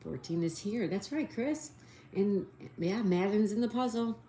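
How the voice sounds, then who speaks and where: A woman's voice: mid-range voice, unhurried, mellow, a little hiss or hum. A woman hosting a casual live stream, spelling out answers letter by letter and reading viewer comments aloud.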